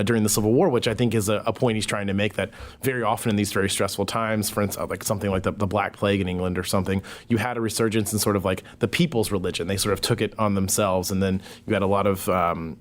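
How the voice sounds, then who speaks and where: Lowish-voiced, hesitant male guest. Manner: hesitant, thoughtful, many fillers. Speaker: podcast guest. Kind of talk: casual conversation.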